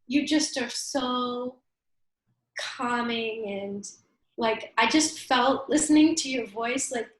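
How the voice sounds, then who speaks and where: A woman talks slowly in a high voice on a video call. She is teary and laughing, and her words echo in the room. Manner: relaxed, tearful, laughing. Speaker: meditation group member. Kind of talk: casual group video call.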